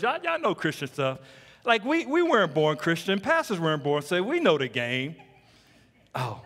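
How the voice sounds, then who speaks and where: A man preaching as a pastor, telling stories in an animated way and teasing the congregation with playful asides. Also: fairly high pitch, fast. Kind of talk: sermon. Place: church sanctuary. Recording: long hall reverb.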